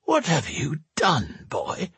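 A man voicing a fussy, nervous old male mage who talks gruffly with sudden sharp outbursts. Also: a little high, huge pitch swings, slow pace, dry recording, voice pushed up, exaggerated voice. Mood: agitated.

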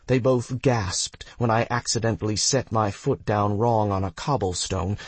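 Male audiobook narrator, husky and low, dry close sound. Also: dry recording. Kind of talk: scripted narration.

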